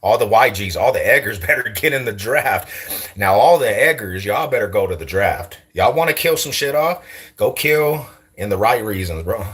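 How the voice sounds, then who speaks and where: With a fairly low, animated voice at normal speed, his tone is fairly bright with a breathy edge. The man, a YouTuber in his forties from East Side Denver, Colorado, chats casually on a livestream answering comments, using a local street accent and lots of slang. He tends to repeat himself, laughing a lot in between.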